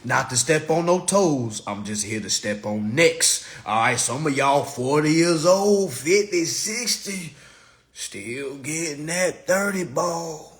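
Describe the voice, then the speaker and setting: A man's voice: a little high, expressive, slow pace, a bit bright. A man ranting to viewers on a live stream, preachy and profane, firing off rhetorical questions. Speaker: online personal finance commentator.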